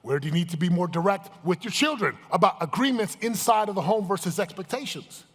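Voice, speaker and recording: High-pitched and fairly quick, with lively intonation and a slightly bright tone, this man delivers a motivational seminar talk. He emphatically quizzes the crowd in a big, echoey event hall during a live event.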